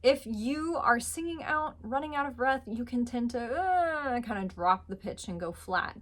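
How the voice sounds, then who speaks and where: A woman teaching a singing lesson, patiently explaining pitch and demonstrating notes with her voice. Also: expressive, a little slow. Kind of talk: vocal lesson.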